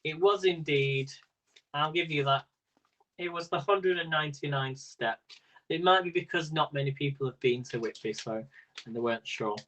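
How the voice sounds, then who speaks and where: A man's voice: fairly high pitch, normal speed, fairly bright tone, low-quality recording. A man hosting a live-stream quiz in a casual, rambling way, laughing often as he talks. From Britain. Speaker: quiz host.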